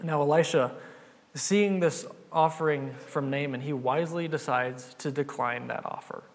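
A man's voice: a little high, moderate pace. A man preaching a sermon, retelling a Bible story in an earnest, conversational way. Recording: long hall reverb.

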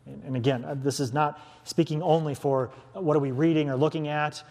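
A man's voice: fairly high pitch, steady tone, brisk, gravelly, darkish tone. A man preaching an earnest expository sermon, restarting phrases as he works through a text. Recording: long hall reverb.

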